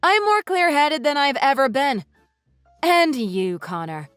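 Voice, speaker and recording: A woman voicing a furious wife in a text-message story, who talks in a sharp, sarcastic, cutting way. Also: high voice, big pitch swings, measured pace, no echo, faint music behind, heavily acted. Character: furious wife confronting her in-laws.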